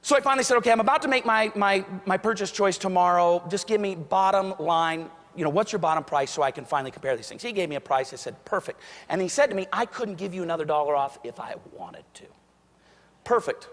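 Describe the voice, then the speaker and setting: A man's voice: high voice, fast talker, hardly any pauses, fairly bright tone, long reverb tail. A man giving a motivational keynote speech, telling stories and acting out the voices of the people in them. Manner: storytelling, acts out quoted voices. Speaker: keynote speaker.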